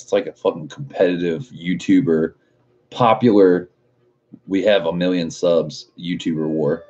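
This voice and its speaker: A man with a very low, warm, husky voice hosts a loose livestream, reading viewer comments aloud. He jokes around, swears freely and laughs a lot. The audio is dull and lo-fi. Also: steady tone, measured pace. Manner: profane, joking, laughs often. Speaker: livestream host.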